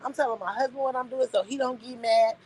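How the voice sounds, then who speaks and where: A woman's voice: on the high side, fairly even intonation, fast talker, darkish tone, a little hiss or hum, poor audio. A young adult woman streaming live, venting bluntly and incredulously to her chat, repeating her points for emphasis.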